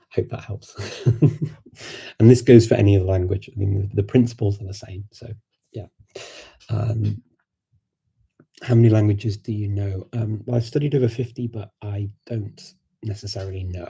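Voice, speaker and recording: A man's voice: fairly low pitch, vocal fry, dark tone, slightly rough. A man with a Scouse accent, from Liverpool, chatting casually about learning languages, rambling with many fillers and restarts. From Liverpool, England. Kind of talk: casual livestream Q&A.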